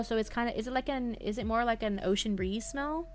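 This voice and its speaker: A young woman streaming live, chatting softly and calmly, with a quiet, slightly mumbled way of talking and wandering thoughts. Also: a little high, quick pace, few pauses, soft background music. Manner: soft-spoken, mumbling, drifting thoughts. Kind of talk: relaxed live-stream chat. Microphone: headphones half off, desk mic.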